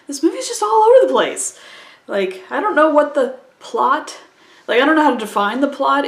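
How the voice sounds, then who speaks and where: A woman giving a casual, exasperated movie review, stumbling over restarts and acting out quoted lines. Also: medium pitch. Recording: echoey room.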